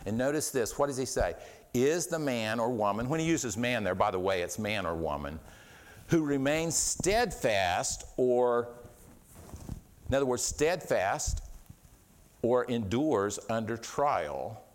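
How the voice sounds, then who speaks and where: A middle-aged man preaching a sermon in an earnest way, often repeating words and restarting, his voice swinging between quiet and raised. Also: mid-range voice, lively intonation, a little slow. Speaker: pastor.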